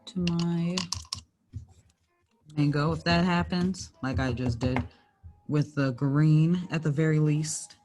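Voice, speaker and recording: A woman's voice: low voice, steady tone, takes it slowly, pauses often, dark tone, soft background music. A young woman working for a library, teaching a small painting class in a casual, chatty way with lots of "like" and self-corrections. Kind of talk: casual craft tutorial.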